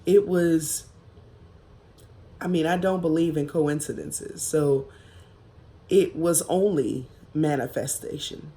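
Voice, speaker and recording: Speaking in a low, warm voice, a woman vlogs about something from her own life, reflective yet emphatic and casual, letting her pauses stretch out.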